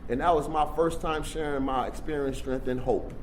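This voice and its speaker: A man telling his recovery story at a workshop, in streetwise storytelling that swings from hushed to loud. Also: on the high side, steady tone, moderate pace, noisy background. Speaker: recovery meeting speaker. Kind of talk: personal recovery share at a workshop. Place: convention workshop room.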